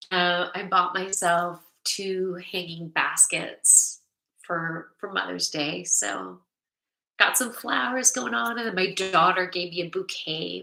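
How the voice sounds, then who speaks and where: With a mid-range voice, vocal fry and a sharp tone, a middle-aged woman hosts a relaxed livestream and reads her viewers' comments out loud. The room she records in is echoey.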